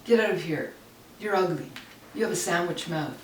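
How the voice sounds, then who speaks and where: Scornful teenage sister, loud and dismissive, read by a woman, roomy and off-mic. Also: fairly low pitch, moderate pace, slight background noise, lightly acted. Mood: contemptuous. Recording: roomy, distant home recording.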